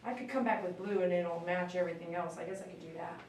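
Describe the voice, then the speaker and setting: A dog groomer chats casually on a live stream while working in a grooming room, coaxing the dog in a sing-song voice. Her voice is lowish, steady and fast, with background noise, and the distant mic picks up a very echoey room.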